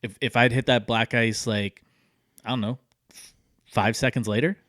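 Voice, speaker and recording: A podcast co-host with a medium-pitched voice tells a long story at normal speed, rambling casually and using many fillers, growing animated as the story unfolds. The recording is dry and of studio quality.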